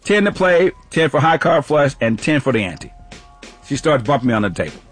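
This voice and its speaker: A man's voice: medium pitch, very animated, fairly quick, faint music behind. A man co-hosting a radio show, telling a casual story with lots of laughs.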